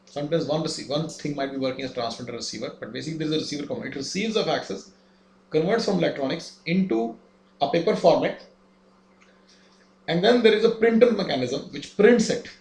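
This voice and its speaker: A man's voice: on the high side, lively intonation, a little fast, gravelly, a little mellow. Man teaching in an echoey room. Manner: explains step by step with rhetorical questions. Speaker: instructor. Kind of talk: explanatory lesson. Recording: echoey room, faint ambience.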